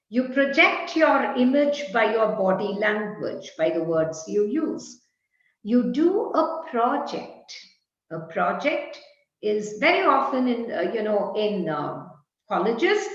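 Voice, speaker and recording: A woman with an Indian English accent leads an online pronunciation workshop, talking slowly through example sentences. Her voice sits fairly high and rises and falls a lot. The call audio is muffled and very echoey. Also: fairly bright tone. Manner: slow, deliberate, with example sentences. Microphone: video call.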